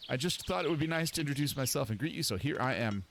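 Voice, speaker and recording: A man's voice: medium pitch, expressive, quick pace, creaky, fairly bright tone, a little hiss or hum. A gossipy neighbor lady who rambles on and talks over everyone, read aloud by a man. Her lines come in a loose, casual reading of game dialogue. She never seems to run out of things to say. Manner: rambling, gossipy, cuts people off. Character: chatty, nosy woman neighbor in wine country.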